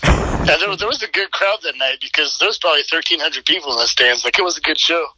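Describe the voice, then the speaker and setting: A man, a pastor and former fighter, telling an animated story in casual chat. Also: a little high, fast, background noise. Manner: animated storyteller, acts out quotes.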